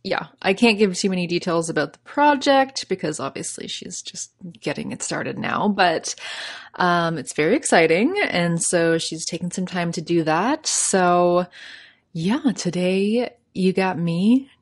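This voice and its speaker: A woman's voice: lowish voice, expressive, a little slow. A young woman with a Canadian accent hosting a podcast on her own, chatty and upbeat with easy laughs. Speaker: podcast host. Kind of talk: casual solo podcast talk.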